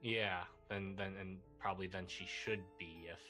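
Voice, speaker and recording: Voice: deep voice, steady tone, moderate pace, bright, forceful tone, faint music behind, poor audio. A player in a tabletop game, thinking aloud hesitantly about what their character does.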